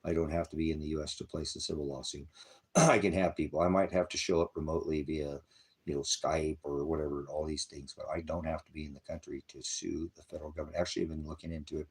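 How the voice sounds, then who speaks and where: Husky-voiced man ranting profanely. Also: a bass voice. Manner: profane, aggressive rant, addresses chat viewers. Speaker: livestream preacher. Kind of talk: angry rambling livestream talk.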